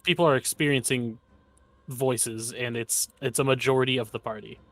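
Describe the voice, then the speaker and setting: A man chats casually during a tabletop game session. He argues his point earnestly in a mid-pitched voice, often restarting his sentences. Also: fairly even intonation, moderate pace, a bit bright. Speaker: player.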